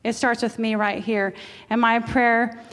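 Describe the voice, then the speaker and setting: A middle-aged woman with a fairly high voice preaches a sermon in a lively, animated way. She jumps from loud exclamations to hushed asides, and her voice rings with a long reverb. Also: a little slow.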